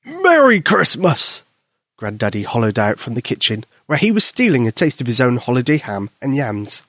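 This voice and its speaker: A man gently and expressively narrating a children's story. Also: mid-range voice, lively intonation, brisk, no room sound, clean studio sound.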